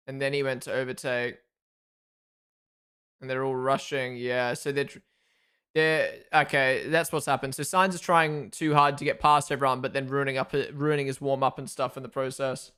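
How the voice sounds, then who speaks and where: A man's voice: mid-range voice, smooth. A man hosting a live race watchalong, reacting to the action and chatting casually with his viewers, reading their comments and thanking followers. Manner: excitable, chatty, reads out chat and thanks followers.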